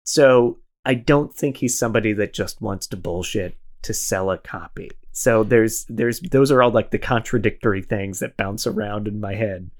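A man's voice: on the low side, normal speed, hardly any pauses. A man hosting a podcast in casual chat, rambling and self-deprecating, laughing often. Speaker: podcast host.

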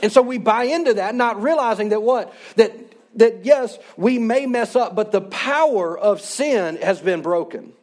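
A man's voice: high-pitched, expressive, unhurried, few pauses, a little mellow. A man in his thirties, a pastor, preaching a sermon in an earnest, conversational way.

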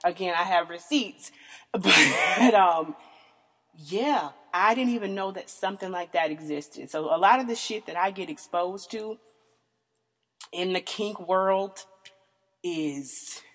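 A woman's voice: takes it slowly, pauses often, fairly bright tone, big-room sound. A Southern American woman in her thirties, hosting a podcast and telling candid stories, profane and laughing often. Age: 30s. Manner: frank, profane, laughs often, voice leaps high in mock disbelief. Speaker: podcast host. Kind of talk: candid casual storytelling.

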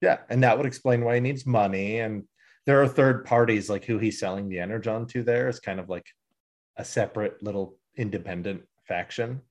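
A podcast co-host with a lowish voice talks a little fast in casual chat. He jokes and laughs often, peppering his speech with "uh"s and "um"s.

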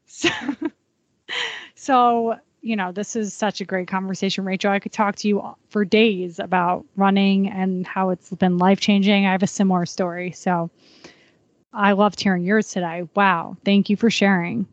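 A woman's voice: medium pitch, dry recording. Bubbly woman podcast host. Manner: bubbly, laughs easily. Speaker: podcast host and running coach. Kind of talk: casual interview chat. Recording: dry, slightly dull audio.

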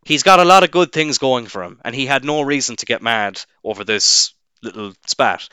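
Irish lad ranting, sweary and sarcastic, bright clear voice. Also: male voice, medium pitch, expressive, moderate pace, no echo, clean studio sound. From Ireland. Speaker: wrestling referee. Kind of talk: casual rant to camera.

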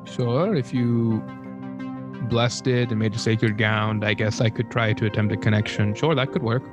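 A laid-back man runs a tabletop game, talking in a relaxed way with small hesitations and fillers. Music plays clearly behind him. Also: fairly low pitch, moderate pace, rough recording. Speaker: game master.

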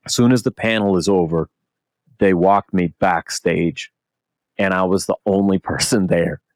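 A young man co-hosting a podcast, telling a story in casual chat, animated and swearing a lot as he acts out what people said. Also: low voice, measured pace, no room sound. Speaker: podcast co-host.

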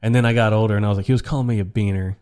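A man speaking as a guest on a casual podcast, relaxed as he tells a story. His voice sits a bit low for a man. He peppers his talk with "bro" and "dude". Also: racing, smooth. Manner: laid-back, says "bro" and "dude" a lot.

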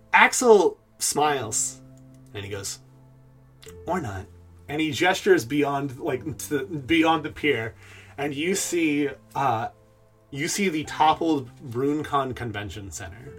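A man runs a tabletop game and narrates the scene at an easy pace, filling gaps with little pauses. His voice sits in a middle range, with faint music under it. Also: medium pitch, breathy edge. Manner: relaxed, with many "uh" pauses. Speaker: game master.

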